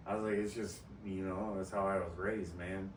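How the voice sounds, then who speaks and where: Young guy ranting and cussing on a podcast, lowish voice, echoey room. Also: flat delivery, moderate pace. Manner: profane, ranting storyteller. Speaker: podcast co-host. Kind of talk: casual chat. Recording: roomy echo, distant mic, faint noise.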